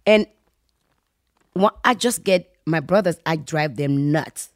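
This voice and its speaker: A woman from Congo telling a lively personal story in casual chat, laughing often and acting out voices. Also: low voice, slow, no room sound, clean studio sound. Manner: animated, laughing, acts out voices in anecdotes. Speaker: guest.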